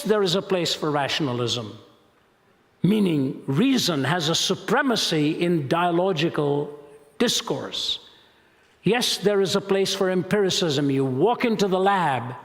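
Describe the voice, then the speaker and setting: An older man from India giving an emphatic, deliberate public lecture as a Christian apologist. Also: high-pitched, expressive. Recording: long reverb of a large hall.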